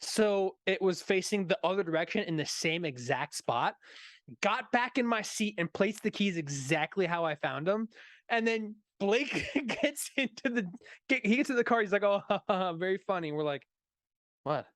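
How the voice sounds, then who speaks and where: A man's voice: high-pitched, expressive, moderate pace, fairly bright tone, dry recording, studio quality. A man in his thirties co-hosting a movie stream, telling a story in casual chat with profanity and frequent laughter. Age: 30s. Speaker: co-host.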